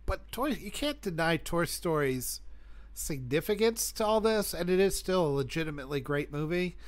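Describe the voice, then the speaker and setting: A man's voice: fairly high pitch, animated, moderate pace. A man co-hosting a podcast, giving emphatic, opinionated takes in casual chat. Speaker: podcast co-host.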